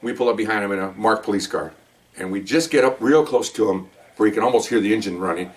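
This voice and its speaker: Fast-talking older ex-cop telling stories. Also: male voice, fairly low pitch, distant mic. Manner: rambling, jokey, full of "okay?" and "you know". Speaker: retired police officer telling stories. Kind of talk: casual storytelling monologue.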